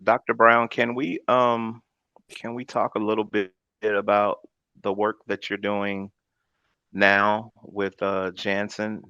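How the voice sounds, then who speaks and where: A man's voice: fairly low pitch, little pitch movement, slow, bright, forceful tone, smooth, no echo. A man moderating a panel, asking questions in a hesitant, casual way. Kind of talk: panel discussion. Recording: dull lo-fi sound.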